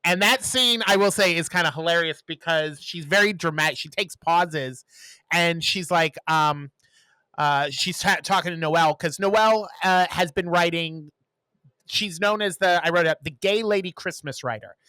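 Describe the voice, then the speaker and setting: A man's voice: fairly high pitch, moderate pace, bright, forceful tone, no echo. A man co-hosting a podcast, chatting casually and animatedly retelling movie scenes with playful little voices. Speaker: podcast co-host. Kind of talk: casual chat, movie review.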